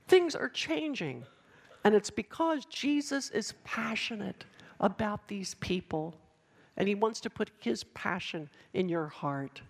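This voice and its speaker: A woman preaches to a room of students with passionate emphasis and dramatic pauses. Her voice has a gravelly edge, and her pitch swings widely as she drives each point home. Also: animated. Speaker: speaker addressing students. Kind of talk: sermon.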